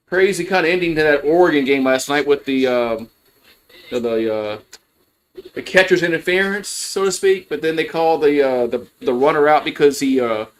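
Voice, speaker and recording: A man's voice: on the high side, moderate pace. Rambling man calling a game. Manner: rambling, chatty, many fillers and restarts. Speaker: fan play-by-play host. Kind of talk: casual livestream play-by-play commentary.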